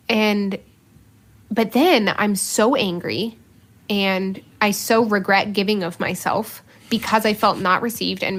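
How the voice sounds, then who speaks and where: A woman's voice: medium pitch, a bit bright. A woman who is a religious sister, co-hosting a podcast and telling a personal story in casual conversation, earnest and self-mocking, with many fillers.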